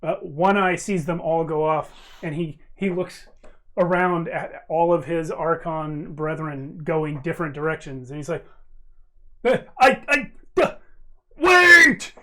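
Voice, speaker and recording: Game master type: a man with a slightly higher voice, casual and chatty. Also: steady tone, unhurried. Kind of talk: narrating a tabletop game. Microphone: table mic at a live-streamed game.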